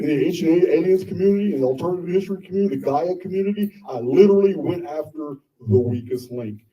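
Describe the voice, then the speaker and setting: A man's voice: mid-range voice, mellow, distant mic, low-quality recording. A man presenting live to an audience, talking bluntly and combatively with frequent swearing. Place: indoor meetup venue with audience.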